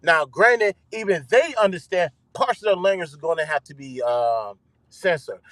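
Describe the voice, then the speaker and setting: A man hosting his own show, ranting loudly with swearing and repeating himself for emphasis. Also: a little high, lively intonation, moderate pace, no room sound. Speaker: host. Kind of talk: ranting live commentary.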